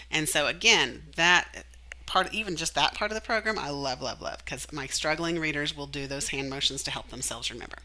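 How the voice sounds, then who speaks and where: A woman teacher explaining a reading method, animated, singing the letters and acting out the sounds. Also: deep voice, moderate pace, low-quality recording. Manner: animated, demonstrates sounds and sings.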